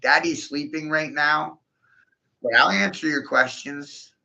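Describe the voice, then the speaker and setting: A man with a gravelly, sharply forceful voice rants in a loose, profane monologue, laughing in between. The sound is dull and lo-fi. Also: a little high, fairly even intonation, unhurried. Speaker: video host. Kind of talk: rambling monologue.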